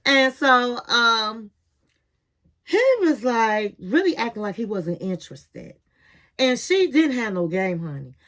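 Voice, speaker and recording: A woman with a slightly high voice gives a casual reality-show recap. She tells the story with sass and lively drama, dropping a "honey" or a "girl" as she goes. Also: slow pace. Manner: sassy, animated storytelling, calls viewers honey and girl. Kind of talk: casual chatty episode recap.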